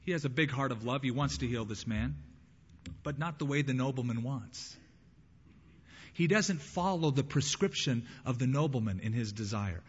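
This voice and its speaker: A male pastor preaching a sermon, swinging from quiet asides to loud, raised bursts. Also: medium pitch, animated, moderate pace, slightly rough. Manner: preaching with rising bursts and acted quotes. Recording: lo-fi church hall with long reverb.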